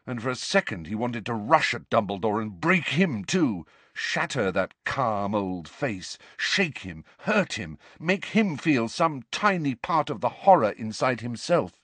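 A man reading a novel aloud in expressive audiobook narration with a dramatic, varied delivery. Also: on the low side, measured pace, dry recording.

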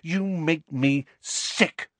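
A man voicing a sharp-tongued teenage girl. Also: on the high side, very slow, no echo, pitched above the performer's own voice. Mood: indignant. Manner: scornful, cutting. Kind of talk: audiobook character reading.

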